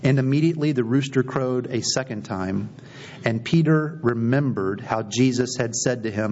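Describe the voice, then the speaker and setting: Heard through a slightly dull recording with a faint low rumble, a man with a darkish tone preaches at a moderate pace. He tells scripture stories in storytelling fashion, performing the characters' lines as he goes.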